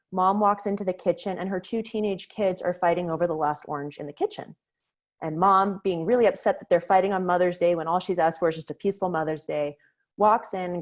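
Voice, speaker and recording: A woman leading a webinar on conflict resolution, explaining ideas clearly and telling a story to make her point. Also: on the low side, darkish tone. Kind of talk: webinar lecture. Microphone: webinar microphone.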